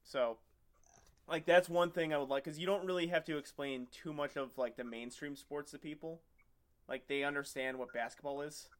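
A man's voice: fairly high pitch, fairly even intonation, moderate pace. A young man in casual podcast chat, telling long joking stories and acting out what other people say. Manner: rambling, joking storyteller who acts out other people.

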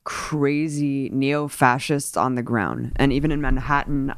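A woman's voice: a bass voice, dry recording, clean studio sound. A woman hosting a casual political discussion, indignant and rambling with many fillers. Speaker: political commentary host.

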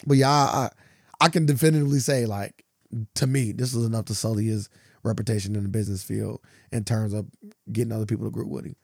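A man's voice: fairly low pitch, steady tone, quick pace, vocal fry, mellow, breathy edge, no room sound, clean studio sound. A man co-hosting a podcast in casual chat, arguing his point insistently and often laughing. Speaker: podcast co-host. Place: podcast studio.

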